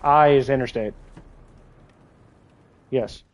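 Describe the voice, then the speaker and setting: A man's voice: mid-range voice, slow. A man streaming a game, chatting casually and rambling, full of "like" and restarts. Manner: rambling, heavy use of "like", many restarts. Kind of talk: casual chat while gaming.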